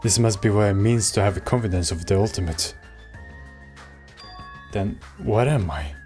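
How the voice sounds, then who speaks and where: A man's voice: fairly low pitch, moderate pace, darkish tone, faint music behind, lightly acted. Guy reading game hero's inner thoughts, unsure young dude, kinda reflective. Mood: uncertain. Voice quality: inner-monologue, reflective delivery. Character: doubtful young male student narrator.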